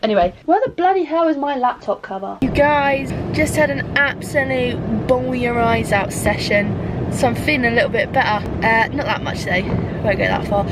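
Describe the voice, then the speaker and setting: This is a young woman's casual vlog voice, pitched a little on the high side. She rambles candidly and swears freely. Her asides are dry and self-mocking, and she moves from topic to topic with animated energy. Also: normal speed, heavy background noise. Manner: animated, jumps between topics. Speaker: vlogger.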